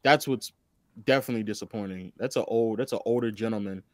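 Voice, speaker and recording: A man's voice: fairly low pitch, quick pace. A man co-hosting a casual chat, talking brash, boastful and profane.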